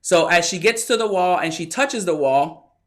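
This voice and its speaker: A man with a fairly high voice delivers a motivational talk. He tells a story with animated energy and acts out the lines of the people in it. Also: moderate pace. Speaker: motivational speaker.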